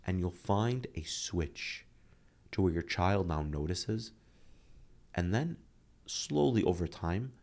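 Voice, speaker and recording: A man's voice: low voice, takes it slowly, creaky, pauses often. A man in his thirties, a podcast guest, telling earnest stories and acting out quotes as he talks. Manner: earnest, animated storytelling with acted-out quotes. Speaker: guest, motivational speaker. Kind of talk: candid podcast conversation.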